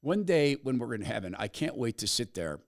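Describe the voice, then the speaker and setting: A man hosting a commentary podcast, retelling a story with a dramatic, storytelling delivery. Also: mid-range voice. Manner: storytelling, dramatic pauses, animated. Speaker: podcast host. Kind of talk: commentary monologue.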